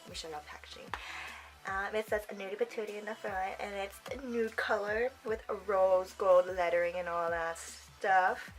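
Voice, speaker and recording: A woman's voice: mid-range voice, fairly even intonation, moderate pace, soft background music, low-quality recording. A young woman giving a casual makeup tutorial, chatty and rambling, often trailing off and giggling to herself. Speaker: makeup vlogger.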